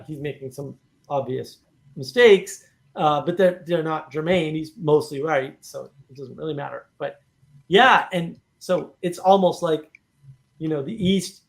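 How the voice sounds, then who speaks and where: A man hosting a casual discussion, animated and talking in bursts with many "right?" asides. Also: fairly high pitch, normal speed, creaky. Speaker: host.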